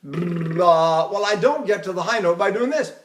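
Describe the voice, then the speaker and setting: Older male voice teacher, chatty and high. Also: lively intonation, quick pace. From Texas. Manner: chatty, demonstrating with sung vowels and anecdotes. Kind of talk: recorded vocal technique lecture.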